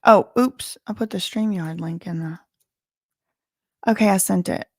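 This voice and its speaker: A woman's voice: mid-range voice, a little slow, creaky, a little mellow, no room sound, clean studio sound. Chatty Southern woman streaming live. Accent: Southern American. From American South. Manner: chatty, thinking aloud with many fillers. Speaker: livestream host. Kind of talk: casual livestream commentary.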